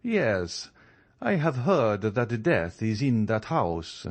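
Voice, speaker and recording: A man reading an audiobook who voices a calm, devout priest with an Italian accent and a formal, courteous way of speaking. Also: on the low side, slow pace, no echo, exaggerated voice. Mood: solemn. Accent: Italian, put on.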